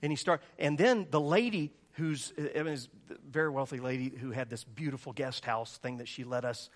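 A middle-aged man preaching a sermon, telling a story with lively, animated delivery and jumping up high when he acts out voices. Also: fairly quick. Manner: animated storytelling, acting out voices in a much higher pitch.

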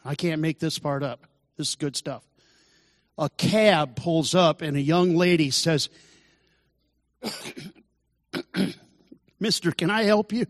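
A man's voice: fairly high pitch, takes it slowly, pauses often, dry recording, studio quality, in a large hall. A man telling his recovery testimony in an earnest storytelling way, sermon style. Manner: earnest storytelling, acts out quoted voices. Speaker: testimony speaker.

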